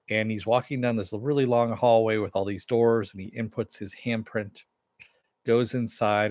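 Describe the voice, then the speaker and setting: A man's voice: fairly low pitch, no room sound. A man giving a loose, rambling recap of a TV episode, with many fillers and asides. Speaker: TV episode reviewer.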